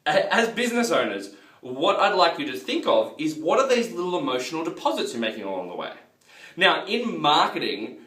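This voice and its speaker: A man's voice: on the high side, sharp tone, reverberant, distant mic, poor audio. A man giving a casual business coaching lesson, talking loosely, repeating himself and calling the viewers guys. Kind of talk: casual marketing lesson to camera.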